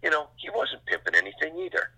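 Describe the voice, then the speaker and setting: A middle-aged man, a sports radio host, chatting casually in an interview, rambling through animated stories with quick asides. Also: a little high, creaky, slightly rough, poor audio.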